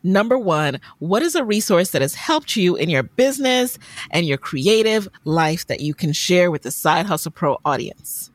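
A woman hosts a podcast interview, her voice fairly low but moving in lively swoops as she affirms her guest and asks questions. The sound is dry and close-miked. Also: moderate pace, dry recording. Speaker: podcast host. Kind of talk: casual interview hosting.

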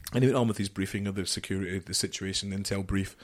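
Guy, low voice, swearing a lot and acting out the voices as he tells a podcast story. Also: racing, few pauses. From United Kingdom. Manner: animated, swearing, acts out dialogue. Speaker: podcast guest.

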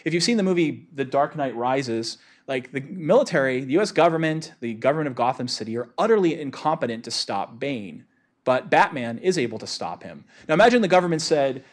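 A man's voice: medium pitch, sing-song, fairly quick. A man giving a lecture in a casual way, with many filler words.

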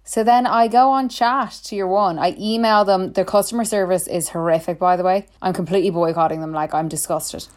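A woman's voice: lowish voice, steady tone, a little fast, hardly any pauses, a little mellow. Young woman telling a story. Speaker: podcast co-host. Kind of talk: casual chat.

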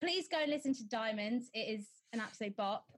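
A woman's voice: fairly high pitch, expressive, fairly quick. A young woman hosting a casual interview, enthusiastic and full of fillers. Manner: enthusiastic, gushing, filler-heavy. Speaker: host, interviewer.

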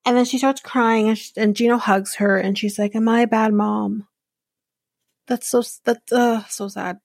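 A woman's voice: a little high, fairly even intonation, normal speed, dry recording, studio quality. A woman hosting a podcast, recapping a reality show in a chatty, rambling way with many restarts. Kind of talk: casual chat recap.

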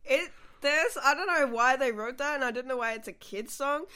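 Young female comic, bright and high, casual podcast chat, laughs a lot. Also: moderate pace, smooth. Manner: animated, laughing often. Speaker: comedian guest.

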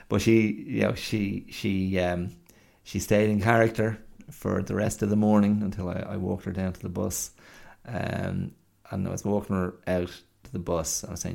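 A man's voice: on the low side, fairly even intonation, a little fast, vocal fry, a little mellow. A middle-aged man hosting a podcast, telling a rambling, self-deprecating story with lots of fillers. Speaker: podcast host. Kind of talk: casual monologue.

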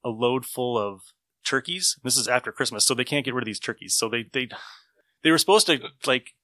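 Guy rambling on a podcast, laughs and swears a lot, bright voice. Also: mid-range voice, lively intonation, a little fast, dry recording, clean studio sound. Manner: loose, rambling storytelling with frequent laughs and swearing. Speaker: podcast host reviewing comics. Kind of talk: casual chat.

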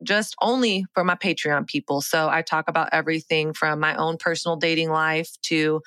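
Bright upbeat woman podcast host. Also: on the low side, clear, resonant tone, no room sound. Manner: upbeat, laughs often. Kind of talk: casual podcast chat.

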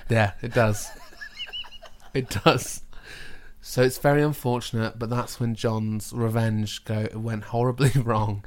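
A man's voice: mid-range voice, fairly even intonation, unhurried. A man improvising a comedy story with a co-host, playful and laughing often.

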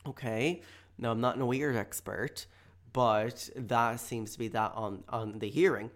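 A man's voice: medium pitch, fairly even intonation, measured pace. A man hosting a casual solo podcast, talking in a rambling, hesitant way full of fillers. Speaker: podcast host. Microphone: studio mic with headphones.

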